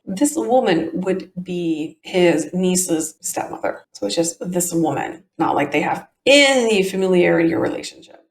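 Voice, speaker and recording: A woman's voice: lowish voice, lively intonation, a little slow, few pauses, a little hiss or hum. A woman hosting a show, reading a court transcript aloud and adding chatty, explanatory asides, with a tinny, echoey sound. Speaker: podcast host and reader. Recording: tinny echoey home recording.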